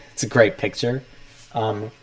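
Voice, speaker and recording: A young man with a fairly low voice hosts a relaxed livestream. He rambles in a laid-back way and narrates each step of his setup. The delivery is chatty and unhurried. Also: low-quality recording. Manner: rambling, talks himself through the setup. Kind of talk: casual livestream chat.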